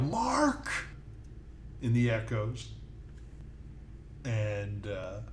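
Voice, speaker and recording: A man playing a tabletop role-playing game, talking in a halting way with many fillers and restarts. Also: fairly low pitch, a little hiss or hum. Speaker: player and host. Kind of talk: casual tabletop role-play.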